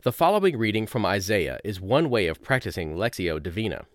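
Man, low voice, lively intonation, dry close sound, reflective devotional reading. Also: no echo. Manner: slow, reflective reading with measured pauses. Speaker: course narrator. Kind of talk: reading a devotional lesson aloud.

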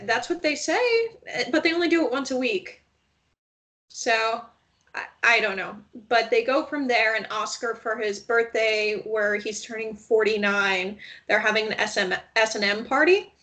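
A woman co-hosting a casual chat show, telling stories in an animated way and quoting people as she goes. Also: fairly high pitch, a little slow. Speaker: podcast co-host. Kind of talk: casual chat about reality TV.

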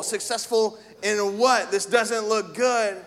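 A man pastor preaching a sermon in a church, animated, swinging from shouts to hushed tones. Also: high voice, unhurried, hardly any pauses, big-room sound. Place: church hall.

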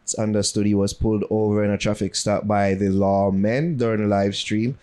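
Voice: low-pitched, level tone, normal speed, mellow. A podcast co-host, moving between laughing casual chat and reading out news items. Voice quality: Jamaican patois mixed into talk, laughs often.

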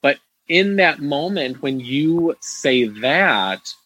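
A man's voice: a little high, lively intonation, takes it slowly, pushed and bright, breathy edge, rough recording. A man co-hosting a podcast, speaking earnestly to the listeners with frequent restarts. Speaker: podcast co-host. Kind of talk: casual podcast chat.

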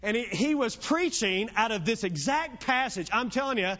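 In a lo-fi, muffled recording that sounds like it was made in a church, a man with a strikingly high voice delivers an evening sermon, retelling the story in his own relaxed words. He is a chatty, joke-loving storyteller, animated and forceful, with a bright tone and a moderate pace.

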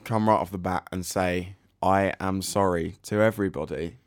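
A man co-hosting a podcast, loud and jokey, rambling in casual chat. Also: low voice, steady tone, moderate pace, no room sound, studio quality. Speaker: podcast co-host. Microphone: close podcast mic.

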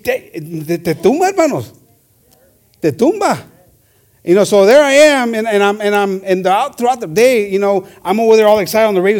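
High-voiced energetic preacher man. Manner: energetic, punctuated with amen. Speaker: preacher on church radio. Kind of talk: bilingual sermon.

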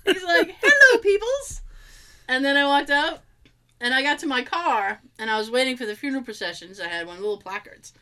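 Woman podcast host, rambly and laughy, kinda high bright voice. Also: fast. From United States. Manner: chatty storyteller, laughs often, loose rambling restarts. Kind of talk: casual chat.

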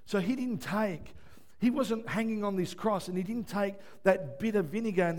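A man preaching a sermon. He swings from quiet, low passages to shouted peaks and keeps asking the room "yeah?". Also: normal speed. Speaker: pastor.

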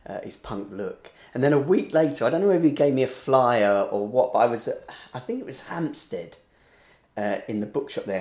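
A man hosting a casual chat, eager and quick to chime in. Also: lowish voice, a little mellow. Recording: roomy echo.

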